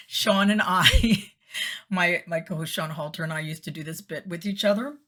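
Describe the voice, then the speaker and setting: A woman's voice: deep voice, normal speed, a bit bright. A middle-aged woman, a former TV host, chatting casually in a personal vlog, laughing often and slipping into whispery voices when quoting.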